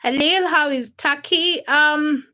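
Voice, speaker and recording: A woman from Uganda hosts a casual livestream from her home, chatting easily and greeting viewers one by one. Her voice sits high and sounds bright. She reads out comments and answers them as they come in. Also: slow pace. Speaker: livestream host.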